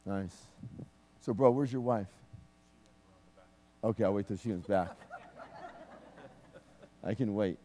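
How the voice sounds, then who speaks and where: A man's voice: on the low side, slow pace, pauses often, a little hiss or hum. A man who is a minister, praying and speaking personal prophecy to a congregant in a church, in a conversational, joking manner. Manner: warm, conversational, joking asides.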